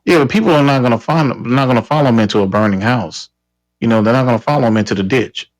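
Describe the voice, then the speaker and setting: A man who cuts in with quick, teasing remarks during a debate. He talks fast at an ordinary pitch. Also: no echo, low-quality recording. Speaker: podcast co-host. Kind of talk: heated debate.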